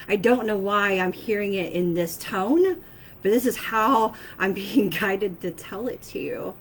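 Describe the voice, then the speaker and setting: A woman's voice: mid-range voice, moderate pace, slight background noise, rough recording. A woman speaking casually to her viewers as an intuitive reader, hesitant, with many fillers and checks of "okay?". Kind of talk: casual spoken message to camera.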